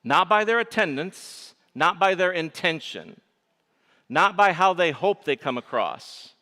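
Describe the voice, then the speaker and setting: Man, Michigan accent, nasal, middle-aged pastor, sermon, somewhat high voice, long church echo. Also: lively intonation, a little slow. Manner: emphatic, swinging between forceful and hushed. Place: church sanctuary. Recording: echoey church sanctuary.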